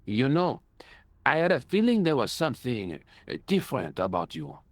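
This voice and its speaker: A boastful old French soldier from a video game, with a French accent and a pompous, chuckling manner. His pitch swoops widely as he talks. The studio sound is dry. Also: huge pitch swings, normal speed, dry recording.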